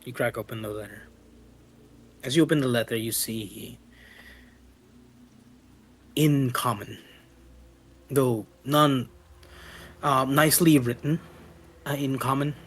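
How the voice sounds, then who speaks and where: A man narrating a tabletop game as game master, often pausing and searching for words. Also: medium pitch, a bit bright, a little hiss or hum, low-quality recording. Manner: halting, searches for words with many ums.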